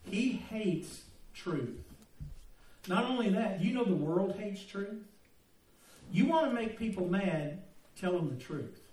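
A man's voice: sits high, expressive, a little slow, a little mellow. An older man preaching a sermon in a church, a folksy joke-teller who turns earnest. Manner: folksy, joking storyteller turning earnest. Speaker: pastor. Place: church sanctuary. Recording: roomy echo, mic at a distance.

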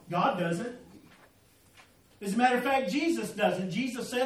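A middle-aged male pastor with a strikingly high voice preaches a folksy, humorous sermon. He talks straight to his congregation, and the sound carries through an echoey church, picked up from some distance off the mic. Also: animated, moderate pace, fairly bright tone. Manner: folksy preaching with humor and audience call-outs. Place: church sanctuary.

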